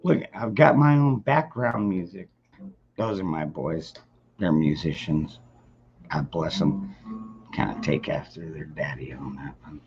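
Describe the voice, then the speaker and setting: A man with a low, gravelly voice talks slowly and easily through a casual late-night livestream, chatting and greeting viewers by name. The sound is dull and lo-fi, like a home streaming mic. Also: a little hiss or hum. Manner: rambling and laid-back, greeting chat viewers by name. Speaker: livestream host.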